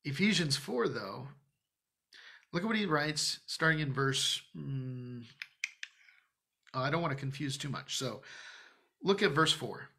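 A man's voice: on the high side, lively intonation, measured pace, creaky, pauses often, sharp tone. A man preaching in a church, teaching from the Bible in a conversational, emphatic way with joking asides. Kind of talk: Bible-study sermon.

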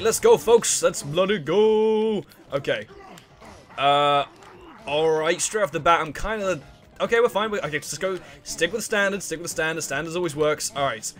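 Young dude rambling over a game, kinda high voice. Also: male voice, a bit bright. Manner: rambling, chatty, quick laughs and exclamations. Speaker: let's play host. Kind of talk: casual gameplay commentary. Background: faint game music.

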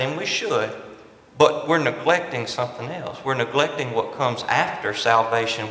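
In a large church sanctuary, a pastor preaches from the pulpit, stressing and repeating his main points. His medium-pitched voice is bright and forceful, and the hall's echo gives it a long reverb.

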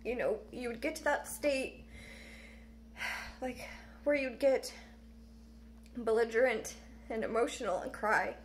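A young woman talking in a halting, emotional way in a personal vlog, her voice close to tears. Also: a little high, slight background noise. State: tearful. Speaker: vlogger.

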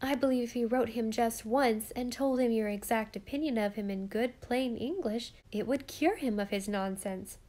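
A woman's voice: a little high, moderate pace, few pauses, warm tone, close to an everyday voice. A woman reading an audiobook, voicing a confident, bossy young girl. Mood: assured.

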